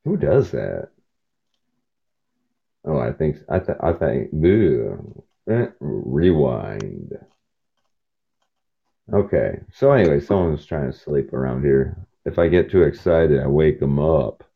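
Driving and podcasting from his truck cab, this host speaks in a rumbling low, creaky voice, slowly and with long pauses yet very animated. His rambling stories hop from topic to topic as he performs the voices of the people involved, all in dull lo-fi sound.

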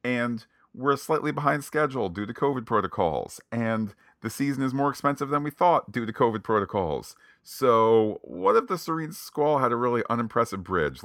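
A man co-hosting a casual podcast, recapping an episode in a playful, animated way with lots of jokey asides. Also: medium pitch, moderate pace, no echo, studio quality. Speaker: podcast co-host.

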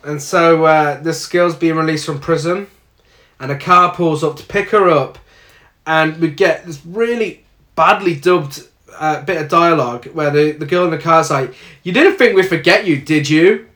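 A man's voice: fairly high pitch, moderate pace. A man co-hosting a podcast, chatting casually and mocking a film he is reviewing. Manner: animated, mocking, acts out film lines in silly voices. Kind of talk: casual chat.

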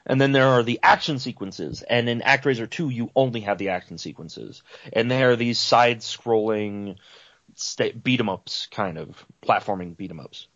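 Male co-host, mid-pitched, easygoing explainer, dry and dull mic. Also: moderate pace, a bit bright, no echo. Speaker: podcast co-host. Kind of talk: casual chat.

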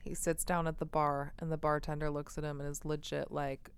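A woman in her thirties chatting casually, retelling a film plot with animated energy and frequent swearing. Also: sits low, fairly quick, smooth. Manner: animated storyteller, swears freely, acts out quoted lines. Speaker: podcast co-host.

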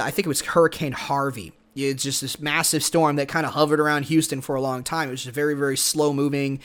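Guy doing a solo podcast rant, argumentative, talks right at you. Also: on the high side. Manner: opinionated, argumentative, talks straight to the listener. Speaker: podcast host.

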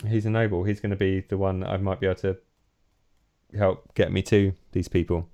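A man taking part in a tabletop role-playing game, thinking aloud and restarting his sentences while he plans. His voice is low and mellow, relaxed rather than sharp. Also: fairly quick, highs cut off. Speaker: player. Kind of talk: casual tabletop play.

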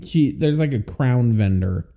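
A man co-hosting a relaxed movie podcast, playful and quick to laugh. His pitch moves around a lot as he talks, and his tone is warm and dark rather than bright. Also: gravelly. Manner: lively, playful, laughs easily. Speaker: podcast co-host. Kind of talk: casual movie recap chat.

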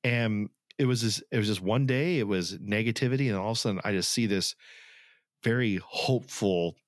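A podcast co-host speaks in a fairly low, brisk male voice, recorded with studio quality and no room sound. His casual chat is earnest and rambling, full of fillers and restarts.

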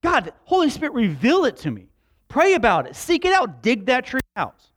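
A man's voice: very high-pitched, wildly swooping pitch, moderate pace, fairly bright tone. A man preaching a sermon in a conversational way, with joking asides to the congregation. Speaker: pastor.

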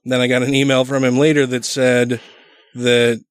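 A man's voice: mid-range voice, normal speed, clear, resonant tone, no room sound. A man co-hosting a casual podcast, talking loosely and swearing often, with frequent laughs. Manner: profane, animated, laughs often. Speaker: podcast co-host.

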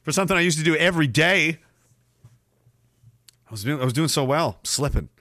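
Guy hosting a podcast, kinda high voice, swears a lot, sarcastic rambling, dry sound. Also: lively intonation, a little fast, bright, forceful tone, dry recording. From Canada. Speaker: podcast host. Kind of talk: casual livestream chat reading comments.

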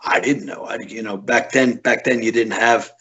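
A man guest on a talk show, telling a story in an animated way and often restarting his words. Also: medium pitch, moderate pace, slightly rough, lo-fi sound. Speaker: guest, tribute singer. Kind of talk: casual storytelling.

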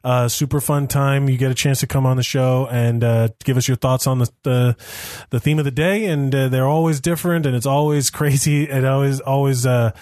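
A young man hosting a podcast, chatting excitedly, with repeated stammers and casual swearing. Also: mid-range voice, brisk, few pauses, no room sound, studio quality. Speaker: podcast host. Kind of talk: casual chat.

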